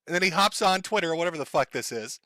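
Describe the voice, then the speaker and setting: A man's voice: fairly high pitch, lively intonation, racing, pushed and bright, dry recording. A man giving crude, mocking commentary on a stream.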